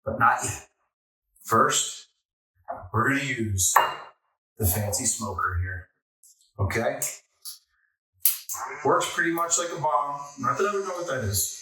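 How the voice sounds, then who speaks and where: Philly guy hosting his own show, wry and chatty, bright edgy voice. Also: medium pitch, slow, long pauses, breathy edge. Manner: chatty, wry, jokey asides. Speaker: host. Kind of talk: casual cocktail-making vlog chat.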